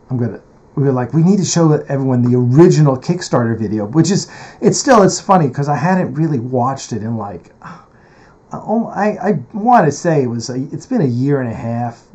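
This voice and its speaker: A man's voice: medium pitch, a little mellow. A man hosting a casual interview, rambling and thinking aloud while handling things on his computer. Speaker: host and producer.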